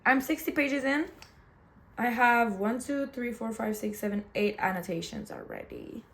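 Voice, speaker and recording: A woman's voice: fairly high pitch, big pitch swings, moderate pace, creaky, a bit bright. A young woman booktuber chatting casually, rambling and gushing emotionally about books and a film. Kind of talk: casual chat. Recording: faint background noise.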